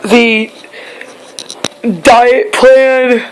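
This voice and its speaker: A young woman, a bit hoarse, talking in a casual personal vlog, halting and repeating herself as she searches for words. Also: fairly high pitch, level tone, rough recording. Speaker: vlogger.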